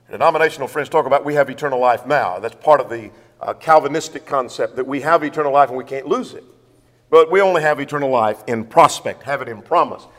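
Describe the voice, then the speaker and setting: A man preaches a sermon and Bible study in a fairly bright, medium-pitched voice, speaking emphatically, posing rhetorical questions, and reading scripture aloud. A long hall reverb surrounds the recording.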